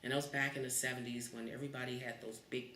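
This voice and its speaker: Brief: woman in her fifties telling stories, lively, heard in a roomy space on a distant mic. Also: very deep voice, very fast, a little hiss or hum. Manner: animated, acts out the voices in her story. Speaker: interviewee. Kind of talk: oral history storytelling.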